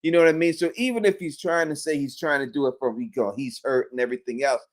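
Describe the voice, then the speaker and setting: A man's voice: on the high side, fast talker. A man co-hosting a fan podcast, talking in an emphatic, casual way and often asking "you know what I mean". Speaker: co-host.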